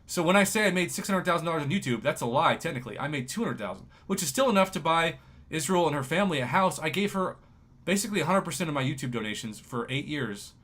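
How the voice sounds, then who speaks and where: A man in his thirties from New Mexico, hosting a casual livestream and talking in an emotional, excitable, ranting way. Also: on the high side. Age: 30s. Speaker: livestream host.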